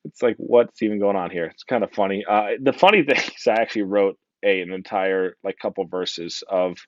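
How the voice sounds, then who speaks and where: With a New Jersey accent, a conference speaker gives a casual, joking talk, chatty and full of fillers and "right?". His fairly low voice is brisk, and the audio is dull with no echo.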